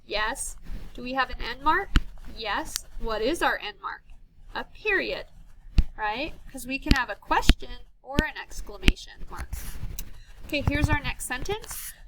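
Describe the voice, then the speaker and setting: A woman teacher giving a slow, patient early reading lesson to young children, sounding out words and counting down. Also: sits high, lively intonation, heavy background noise.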